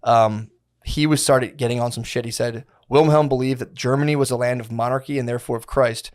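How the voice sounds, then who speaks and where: A man's voice: mid-range voice, steady tone, a little fast, darkish tone. Slangy, swearing young man telling a story. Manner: slangy, profane storytelling with mocking quoted voices. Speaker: podcast co-host. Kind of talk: casual chat.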